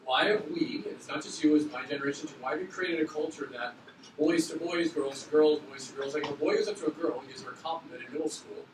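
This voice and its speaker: A male teacher rattles off instructions at a brisk clip, with a slightly high voice for a man. He sounds distant from the mic, and the classroom echoes around him with steady background noise. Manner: quick, loose, joking with students. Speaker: middle school teacher.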